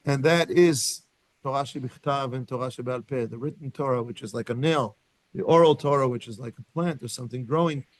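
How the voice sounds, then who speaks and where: Speaking fairly quickly in a mid-range voice, a man teaches a Torah lecture in a synagogue study room. His delivery is exploratory, full of restarts and questions directed at the students. There's no echo.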